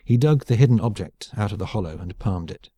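A male audiobook narrator with a very low, dark voice. He reads steadily and evenly, close to the mic in a dead-dry room. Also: lively intonation, fairly quick, husky, dry recording. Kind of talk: scripted narration.

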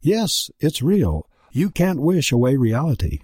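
A man voicing a gentle, resigned young female slave in a storybook reading, speaking softly. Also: mid-range voice, huge pitch swings, measured pace, breathy edge, no echo, clean studio sound, pitched above the performer's own voice, heavily acted. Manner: soft, hushed pleading.

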